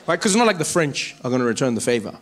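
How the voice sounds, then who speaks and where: A man's voice: medium pitch, rapid-fire, a little hiss or hum. A man from Africa, doing emphatic stand-up. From South Africa. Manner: expressive, emphatic. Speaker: comedian. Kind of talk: stand-up comedy.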